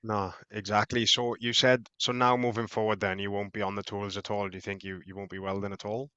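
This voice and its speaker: A man's voice: on the low side, flat delivery, brisk, pushed and bright, smooth, no room sound. A man hosting a podcast interview, agreeing with his guest and summing up his points in casual chat. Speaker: podcast host. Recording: dull lo-fi sound.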